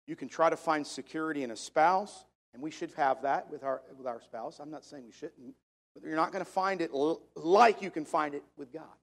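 A high-voiced man preaching a sermon from the pulpit. He is emphatic and slows right down to lean on the verses he quotes. His voice drifts on and off the microphone as he moves. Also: vocal fry. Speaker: pastor.

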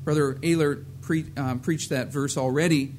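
A man's voice: fairly high pitch, fairly even intonation, normal speed, a little mellow, a little hiss or hum. A middle-aged man preaching a casual sermon, rambling with many fillers and laughing at his own jokes.

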